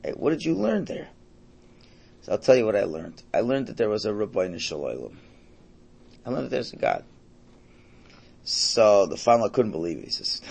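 Man, low gravelly voice, rabbi teaching a class, casual storytelling. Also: lively intonation, normal speed, long pauses, a little mellow. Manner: storytelling, conversational, quotes characters. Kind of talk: Torah class with Hasidic stories.

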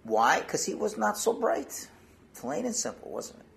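A man teaching through storytelling, animated and conversational, swinging between loud stretches and hushed ones. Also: sits high, unhurried, vocal fry. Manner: conversational asides and restarts. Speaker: Torah teacher. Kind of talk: storytelling talk.

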